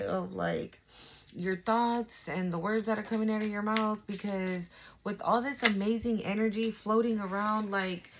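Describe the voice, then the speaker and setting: A young woman talks straight to her viewers through a spiritual card reading. Her tone is loose and chatty, full of fillers, reassurance and casual swearing, and her voice sits at an everyday middle pitch. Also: low-quality recording. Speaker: tarot reader.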